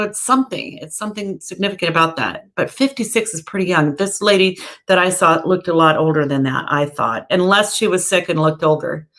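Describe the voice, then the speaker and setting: A psychic medium gives live-stream readings, reading viewer comments aloud in a chatty, searching way full of fillers and self-corrections. Her voice is fairly low and a bit bright.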